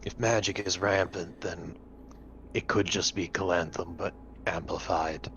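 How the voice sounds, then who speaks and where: A man playing a grown-up hulking creature in a mechanical suit, his voice deepened by a voice changer, grim and suspicious in a tabletop role-play. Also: steady tone, measured pace, fairly bright tone, lo-fi sound, slight background noise.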